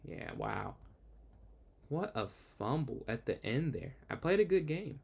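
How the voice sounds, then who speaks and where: A man's voice: mid-range voice, vocal fry, husky. A young man streaming chess, casually talking through his moves and answering chat as he plays. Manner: thinks aloud, quick asides to chat; excitable outbursts when the game turns. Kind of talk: casual live game commentary.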